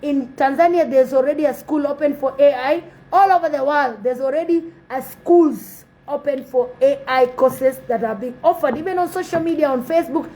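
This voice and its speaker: A woman's voice: high-pitched, a little mellow, low-quality recording. A woman giving earnest, repetitive commentary that urges her listeners. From South Sudan. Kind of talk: impassioned commentary.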